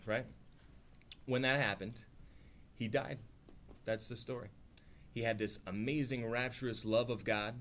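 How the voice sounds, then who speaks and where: Male study-class teacher, lowish voice, chatty, animated quotes, faint noise underneath. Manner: conversational, acts out quotes with rising voice, frequent "right?". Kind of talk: informal religious teaching.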